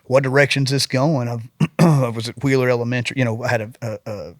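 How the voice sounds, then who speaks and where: A man's voice: mid-range voice, steady tone, quick pace, dry recording. Earnest rambling man, dry close sound. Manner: earnest, rambling, acts out quotes. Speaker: guest police officer. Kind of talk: casual podcast storytelling.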